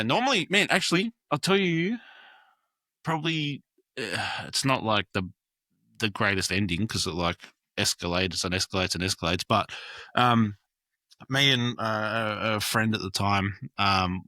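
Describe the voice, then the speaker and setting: A man's voice: fairly low pitch, moderate pace, bright, forceful tone, no echo. Rambling Australian man telling stories. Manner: rambling, lots of fillers and swearing. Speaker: podcast guest, graffiti artist. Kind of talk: casual storytelling chat.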